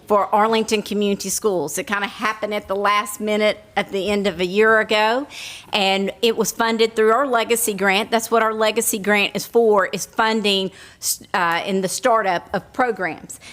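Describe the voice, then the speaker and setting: A woman's voice: mid-range voice, fairly even intonation, normal speed, a bit bright. A woman from Tennessee with a Southern accent, giving a proud, enthusiastic speech at a school board meeting.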